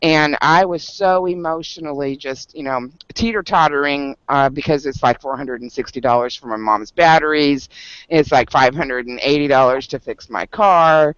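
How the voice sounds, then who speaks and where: A man's voice: on the high side, normal speed, clean tone, dry recording. A man at a book club meeting, telling a story in casual group talk and laughing often. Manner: animated storyteller, laughs often, many fillers. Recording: dull lo-fi sound.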